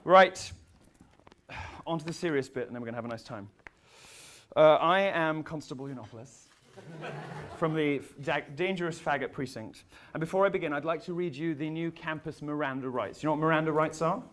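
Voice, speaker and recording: A man's voice: on the high side, normal speed, a bit bright. A man giving a comedic, provocative speech on stage at a campus event, flamboyant and mocking, with sighing asides into a stage microphone. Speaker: featured speaker at a campus event. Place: stage in a large hall.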